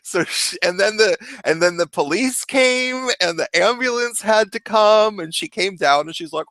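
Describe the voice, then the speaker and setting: A young man telling a story in a casual, animated way, laughing often and swearing. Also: high voice, moderate pace, hardly any pauses, dry recording. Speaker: vlogger.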